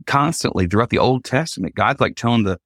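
A Christian singer appearing as a podcast guest tells a personal story with animation, acting out the quotes of the people in it. He speaks fast in a mid-range voice, in a dry, studio-quality recording.

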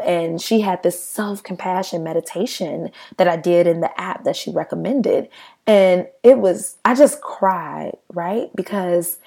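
A woman's voice: lowish voice, vocal fry, darkish tone. A young woman hosting a solo motivational podcast, talking conversationally and often checking in with "right?". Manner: conversational, frequent "right?" asides. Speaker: podcast host.

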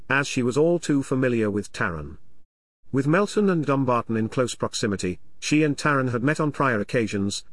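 A man narrating an audiobook in a measured, even storytelling manner. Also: medium pitch, dry recording.

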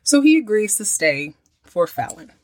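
A woman's voice: medium pitch, very animated, moderate pace, no echo. Chatty woman recapping a soap. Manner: chatty, opinionated storytelling. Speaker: podcast host. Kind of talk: casual episode recap.

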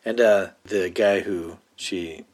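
A man casually recaps a TV episode for a podcast, laughing and swearing as he goes. His voice sits on the lower side and stays loose and chatty. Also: takes it slowly, darkish tone. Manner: laughing, storytelling, swears freely. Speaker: podcast co-host.

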